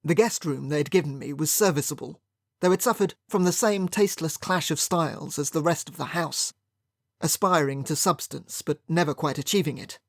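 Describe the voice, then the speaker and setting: An audiobook narrator reading a first-person period mystery in a wry, measured storytelling manner. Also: medium pitch, no echo, studio quality.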